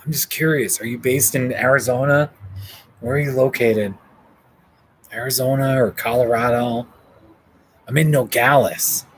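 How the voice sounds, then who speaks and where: A man in the middle of his own pitch range chats with viewers on a live stream from a hotel room. He talks slowly and easily, laughs often and thanks people by name as their comments come in. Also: steady tone, a little hiss or hum, rough recording. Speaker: livestream host reading viewer comments. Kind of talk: casual live chat.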